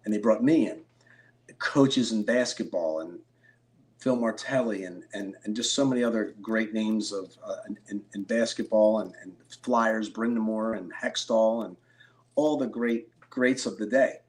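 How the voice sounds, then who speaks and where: A middle-aged man from Philadelphia, a card collector and interview guest, telling stories with excited bursts. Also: fairly low pitch, moderate pace. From Philadelphia, USA. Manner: animated storyteller, excitable bursts. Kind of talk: storytelling interview.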